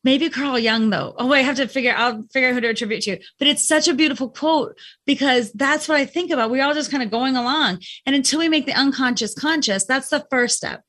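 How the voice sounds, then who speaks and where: A woman's voice: high-pitched, fairly quick, hardly any pauses, fairly bright tone. A woman in casual conversation, talking reflectively about mindset and acting out her own inner thoughts. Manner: reflective, uses acted inner voices.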